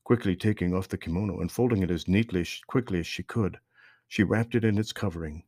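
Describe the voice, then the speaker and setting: A man narrating a storybook with a very deep, husky voice. His delivery is measured and steady, and the recording is dry and close. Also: no echo.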